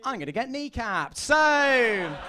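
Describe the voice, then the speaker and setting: A young man doing a stand-up routine on a comedy club stage, rambling and self-deprecating with quick asides to the crowd. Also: extremely high pitch, pushed and bright, slight background noise. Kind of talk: stand-up routine to a live audience.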